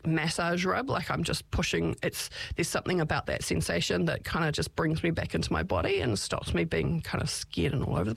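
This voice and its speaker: A chatty advice talker with a gravelly, creaky edge to the voice. The delivery is casual and full of fillers and restarts. The recording is dry and close, with no room sound. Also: mid-range voice, fairly bright tone, no echo.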